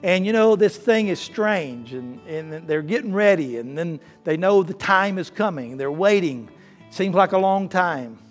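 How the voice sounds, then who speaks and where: High-voiced man preaching with passion. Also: lively intonation, a little slow. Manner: preaching with swings from hushed to loud and passionate. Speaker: pastor. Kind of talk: sermon. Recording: faint guitar music behind. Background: soft guitar playing.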